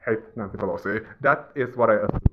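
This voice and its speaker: A man's voice: lowish voice, quick pace, highs cut off. A man giving a casual, mocking rant as he browses online, often laughing at his own jabs. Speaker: vlogger. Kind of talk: casual ranting commentary while browsing.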